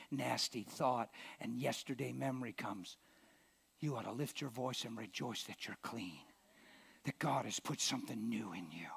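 A man preaching a sermon in a church, emphatic and impassioned, sometimes shouting and sometimes dropping almost to a whisper. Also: mid-range voice, vocal fry, husky.

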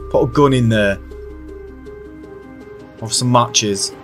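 A man's voice: mid-range voice, takes it slowly. A man commenting on a horror game as he plays, reacting with jumpy, sweary outbursts over faint game music. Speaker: gaming video host.

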